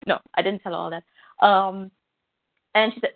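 Woman podcast cohost telling a story, animated, tinny phone sound, dry. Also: medium pitch, normal speed, gravelly, pauses often, no room sound. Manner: animated storyteller, acts out quotes. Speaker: podcast co-host. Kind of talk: casual chat.

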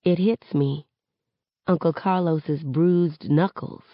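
A woman reading a novel aloud in measured first-person narration for a study session. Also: deep voice, no room sound, highs cut off. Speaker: reader in a book study session.

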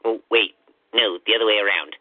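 A man hosting a comedy podcast in character as a ghost agent, rambling with halting restarts. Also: fairly low pitch, husky, no room sound. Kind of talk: comedic improv chat. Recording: dry tinny phone-like line.

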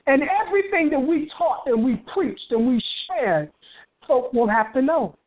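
Fervent high-voiced woman preaching over a tinny line. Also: lively intonation, moderate pace. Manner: impassioned, bursts into hallelujahs, repeats phrases.

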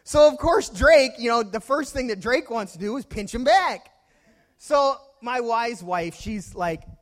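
A pastor delivering a sermon from the pulpit. He is a man with a very high voice, and he works homely stories and direct questions to his listeners into his preaching. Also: lively intonation, unhurried.

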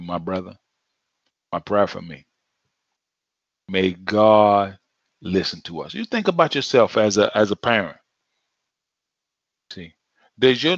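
A man's voice: medium pitch, vocal fry, fairly bright tone, no echo. A man preaching a sermon in a conversational, emphatic way, repeating phrases for effect. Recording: dull lo-fi sound.

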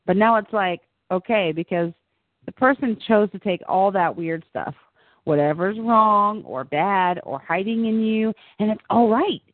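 A woman's voice: mid-range voice, animated, unhurried, no room sound. A woman reading lines as a wild, giddy woman inmate with odd sayings, in an earnest, offbeat way. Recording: tinny phone-like line, dry.

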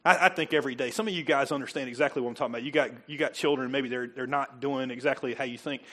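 A middle-aged male pastor preaches a casual, conversational sermon, chatting and joking with the congregation and acting out quoted voices. His voice is mid-range, steady and sharp in tone, and he talks very fast.

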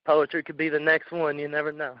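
A man from Kentucky calling in to recite sensual spoken-word poetry in a slow delivery. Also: fairly high pitch, monotone, dry recording. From Louisville, Kentucky. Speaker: caller, poet. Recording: dull, lo-fi call-in line.

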